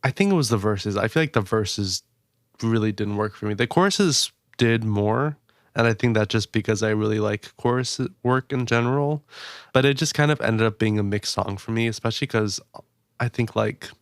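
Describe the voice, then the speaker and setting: A man's voice: on the low side, moderate pace, no room sound, clean studio sound. A man co-hosting a podcast, chatting casually and giving blunt verdicts. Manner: gives blunt verdicts, says he is not sure. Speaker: podcast co-host. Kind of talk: casual chat.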